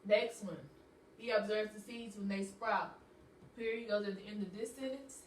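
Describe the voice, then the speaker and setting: A woman's voice: medium pitch, steady tone, moderate pace, slight background noise. A woman teacher taking a class through a grammar lesson, patient and repeating each point step by step. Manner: patient, explains step by step with repetition. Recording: echoey room, voice from a distance.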